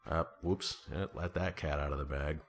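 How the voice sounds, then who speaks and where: Low-voiced rambling man in his thirties. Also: steady tone, moderate pace. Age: 30s. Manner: rambling, self-deprecating, jokey. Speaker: podcast co-host. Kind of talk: casual chat.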